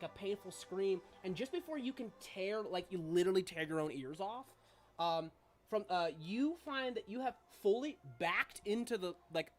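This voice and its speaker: Casual rambling woman game master. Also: medium pitch. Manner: casual, rambling, full of fillers and swearing. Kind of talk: narrating a tabletop game.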